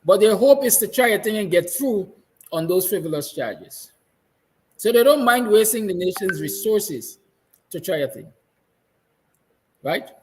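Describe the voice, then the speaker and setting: A Guyanese man with a slightly high voice holds forth in a fiery, emphatic monologue. He hammers his points home through repetition, and emotion sits close beneath his words. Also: animated, measured pace, long pauses, a little hiss or hum, rough recording. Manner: fiery, emphatic, repeats lines; soft, tender passages. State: emotional, near tears. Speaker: host. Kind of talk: impassioned monologue.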